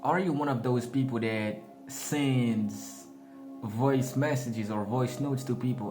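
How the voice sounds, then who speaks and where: A man's voice: medium pitch, slow pace, darkish tone. A man giving a casual, rambling spiritual talk, slangy and often laughing at his own jokes. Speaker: spiritual vlogger. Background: background music.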